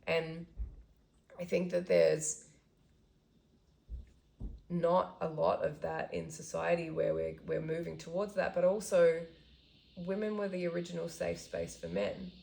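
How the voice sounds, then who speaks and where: A woman's voice: on the low side, a little slow, vocal fry, pauses often, mellow, rough recording. A woman hosting a podcast, speaking in a thoughtful, affirming way. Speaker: podcast host. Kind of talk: reflective casual conversation.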